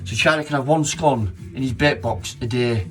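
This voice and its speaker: A man's voice: medium pitch, moderate pace, soft background music. A man with a Yorkshire accent chatting and joking casually while baking in his home kitchen, swearing freely. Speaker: baking vlog host.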